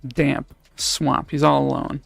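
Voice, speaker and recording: Slow, gravelly-voiced man telling a story. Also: mid-range voice, little pitch movement, a bit bright, no echo. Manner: playful, giggly. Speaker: streamer. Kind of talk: improvised storytelling during a board game.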